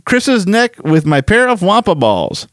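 A man's voice: sits high, very animated, measured pace, no room sound. Chatty man hosting a podcast. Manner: chatty, rambling, self-deprecating. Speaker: podcast host. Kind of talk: casual chat, reading listener mail.

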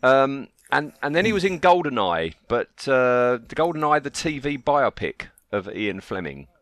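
A man's voice: medium pitch, dry recording. A man hosting a podcast, chatting casually and laughing easily. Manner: lively, chatty, quick to laugh. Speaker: podcast host. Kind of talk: casual chat.

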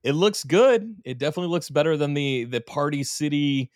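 A man's voice: a little high, lively intonation, a little fast, dry recording, studio quality. A man co-hosting a casual podcast, animatedly recapping an episode with swearing and silly voices. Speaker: podcast co-host.

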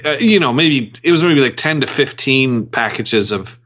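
A man co-hosting a fan podcast, talking casually with halting restarts. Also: mid-range voice, lively intonation, fairly bright tone. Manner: halting, lots of restarts and laughs. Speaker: podcast co-host. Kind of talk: casual chat.

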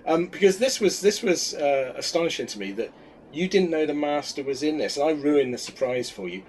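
A man's voice: a little high, animated, fairly quick, a little mellow, a little hiss or hum. A man co-hosting a podcast, chatting casually and telling rambling anecdotes with frequent laughs. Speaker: podcast co-host. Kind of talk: casual chat.

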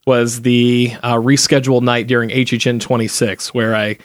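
A man's voice: medium pitch, flat delivery, normal speed, dry recording. Podcast panelist, man, rambling and chuckly, dry booth sound. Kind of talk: casual podcast chat.

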